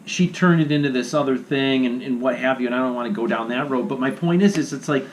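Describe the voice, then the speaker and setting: A man's voice: mid-range voice, fast, slight background noise. A man with a Rust Belt American accent, co-hosting a podcast in casual, opinionated chat and swearing freely. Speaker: podcast co-host.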